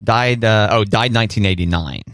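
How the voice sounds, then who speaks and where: A man's voice: lowish voice, moderate pace, fairly bright tone, dry recording, studio quality. A man in his thirties co-hosting a podcast, teasing dryly and laughing often in casual chat. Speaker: podcast co-host.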